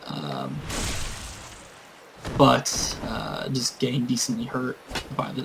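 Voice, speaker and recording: A man's voice: medium pitch, very animated, takes it slowly, creaky, long pauses, music in the background, rough recording. Male gamer, casual rambling storyteller with lots of fillers and swearing. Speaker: gamer and tabletop game master. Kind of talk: casual storytelling while playing a game.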